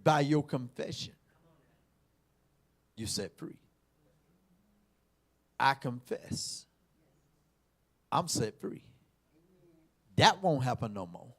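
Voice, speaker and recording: Shouting, gravelly preacher. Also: male voice, big pitch swings, very slow, pauses often. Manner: emphatic, repeats words, swings from shouts to low asides. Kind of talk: sermon.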